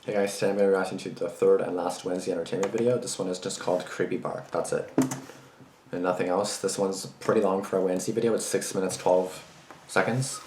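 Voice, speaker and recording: A man's voice: low voice, fairly even intonation, quick pace. A man hosting a reaction video, talking back to a story in short casual remarks. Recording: echoey room with clear noise.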